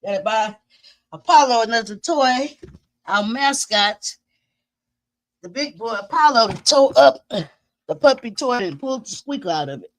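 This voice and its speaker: A woman's voice: fairly high pitch, animated, unhurried, long pauses, no echo. A woman hosting a home livestream who chats loosely with her viewers, greets them by name and laughs often, and sounds a little winded. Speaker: host of a livestream commenting on trials. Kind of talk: casual livestream chat with viewers. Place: small room at home.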